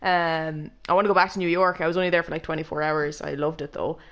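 A woman's voice: deep voice, little pitch movement, quick pace. An Irish woman co-hosting a podcast, telling stories in casual chat and laughing often. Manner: chatty storyteller, laughs often. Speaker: podcast co-host.

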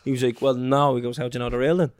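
Man, quick talker, joker, casual chat, dry close mic. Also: mid-range voice, fairly even intonation, darkish tone, no room sound. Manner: quick, joking interjections.

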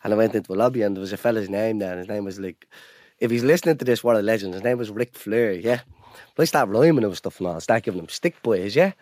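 A man's voice: on the low side, fast, darkish tone, no room sound, studio quality. A young Irish man co-hosting a podcast, telling rambling stories in casual banter, laughing often and calling his friends "boys". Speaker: podcast co-host.

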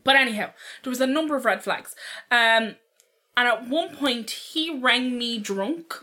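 A young Irish woman with a bright, forceful voice, pitched a little high, co-hosting a podcast. She tells a candid story in loose casual chat, swears freely and laughs often. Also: a little slow. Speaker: podcast co-host.

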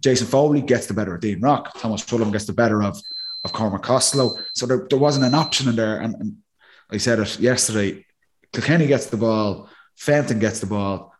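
A man's voice: on the low side, brisk, a little hiss or hum. Man breaking down plays. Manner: animated, acts out players' thinking. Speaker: former player and pundit. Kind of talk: casual podcast analysis.

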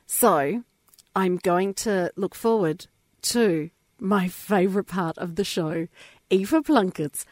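A woman's voice: mid-range voice, takes it slowly, darkish tone, no echo, clean studio sound. Chatty Australian woman radio host. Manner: chatty and effusive, laughing often. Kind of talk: radio show presenting.

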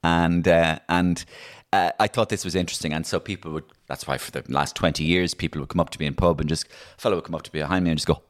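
A middle-aged Irish man, a comedian and impressionist, telling stories in a casual interview, animated and full of restarts. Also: deep voice, quick pace. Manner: animated, storytelling, many restarts.

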